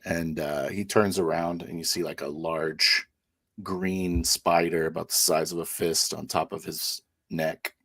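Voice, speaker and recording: A man's voice: low-pitched, little pitch movement, unhurried, a bit bright, no echo. A man narrating as game master, describing scenes vividly.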